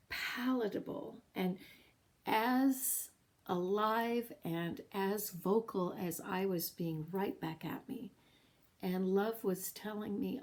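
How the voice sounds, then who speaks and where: A middle-aged woman telling a personal story in an earnest, emotional way, pausing often as she speaks. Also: medium pitch, darkish tone. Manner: earnest, emotional, with halting pauses. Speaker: podcast host sharing her story.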